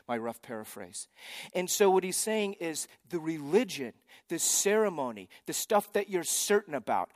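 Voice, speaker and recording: A man preaching a sermon, telling the story with animated energy and frequent restarts. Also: on the high side, no room sound. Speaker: pastor.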